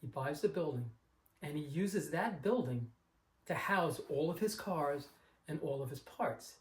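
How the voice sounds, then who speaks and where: A Long Island car collector vlogger speaks unhurriedly in a fairly high, animated voice, casually wandering through a story about finding a car. He acts out the others in his anecdote, and the recording has an echoey room sound.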